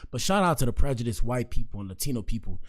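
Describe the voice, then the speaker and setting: A man's voice: medium pitch, sing-song. Slangy man hosting commentary. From Miami, Florida. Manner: loose, slangy, joking, drawn-out asides. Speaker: podcast host. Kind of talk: casual commentary show.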